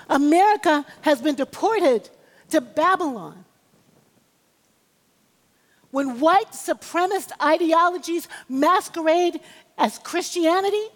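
A woman preaching a sermon in a high, bright voice, her words ringing out with a long reverb in a church sanctuary. She builds her points in emphatic, rhythmic waves and calls on the congregation for amens. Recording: long reverb of a large hall.

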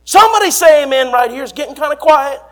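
A young man, preaching a fiery revival sermon and swinging between quiet asides and shouts. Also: expressive, fast talker. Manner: fiery, shouting, sweeping swings in pitch and volume. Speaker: traveling preacher.

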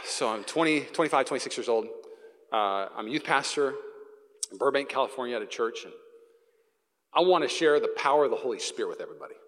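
A pastor in his thirties preaches live in a church sanctuary, telling comic stories to his congregation with playful acted sound effects. His medium-pitched voice is a bit bright, with lively intonation, a quick pace and long pauses. The live church hall gives a reverberant sound.

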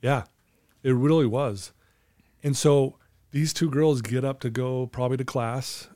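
A middle-aged man recounts his life story with open, earnest candor, sometimes choked with emotion. His tone is mellow and warm, recorded close in a dry, dead space. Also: medium pitch, steady tone, unhurried, no echo. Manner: earnest, candid, storytelling with quoted inner thoughts. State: emotional, clearing his throat. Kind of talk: emotional personal testimony.

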